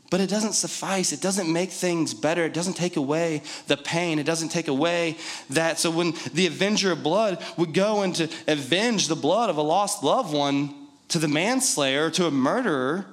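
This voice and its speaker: A man's voice: fairly high pitch, fairly bright tone. Guy preaching, talks like he's chatting with the room, jokes around then hammers the point over and over. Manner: conversational and joking, with emphatic repetition. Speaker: pastor. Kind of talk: sermon.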